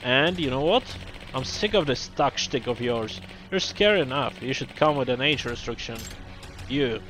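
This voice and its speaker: A man's voice: mid-range voice, animated, normal speed, fairly bright tone, slight background noise, natural voice. An actor playing a hot-headed, foul-mouthed game producer who bullies his staff in a video game. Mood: enraged. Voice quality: snarling, swearing.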